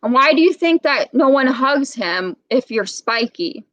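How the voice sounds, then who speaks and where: A woman speech therapist leads a read-aloud lesson, patient and questioning. Her voice is fairly high and she talks very slowly. The sound is dry and close. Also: animated, fairly bright tone, no echo, highs cut off. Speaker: speech therapist reading to children.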